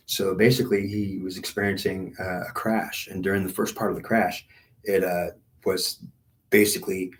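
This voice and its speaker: A man telling a rambling spiritual story in a meandering, repetitive way, full of fillers and restarts. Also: low voice.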